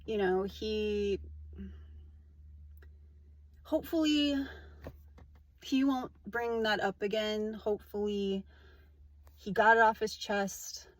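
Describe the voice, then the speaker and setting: A woman's voice: mid-range voice, fairly even intonation, slow pace, pauses often. A woman vlogger talking in a casual, candid, rambling monologue, full of "like" and restarts. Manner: rambling and candid, heavy use of "like".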